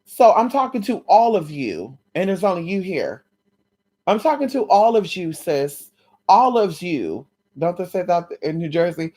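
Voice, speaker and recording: A woman records a casual vlog at home late at night. Her voice sits a little low for a woman. She talks to her viewers in a sassy, blunt and teasing way. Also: sing-song, measured pace, mellow. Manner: sassy, blunt and playful, calls viewers honey and sis. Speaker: vlogger.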